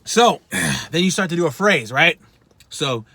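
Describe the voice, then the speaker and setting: A man's voice: on the high side, expressive, unhurried, pushed and bright, dry recording. A man giving a casual vocal lesson, talking bluntly with plenty of swearing and poking fun at himself. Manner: blunt, profane, self-deprecating. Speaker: vocal instructor.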